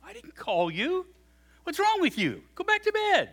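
Preacher voicing a grumpy old priest, curt and annoyed, with a lively, rising delivery. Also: male voice, very high voice, unhurried, husky, voice pushed up, full character voice. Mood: irritated. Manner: irritated, curt. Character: cranky old male high priest, woken.

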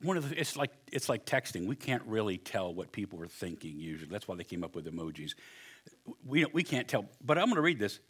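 A man preaching a sermon, animated and joking, acting out the people in his story. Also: fairly low pitch, brisk, breathy edge. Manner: animated, acts out voices with humor. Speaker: pastor.

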